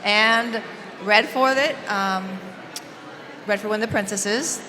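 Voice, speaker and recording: A woman's voice: mid-range voice, a crowd in the background. Woman from Idaho recalling past events. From Idaho, USA. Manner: relaxed, halting anecdotes. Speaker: panel guest. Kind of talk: convention panel storytelling. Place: large convention hall. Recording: echoey hall with background noise.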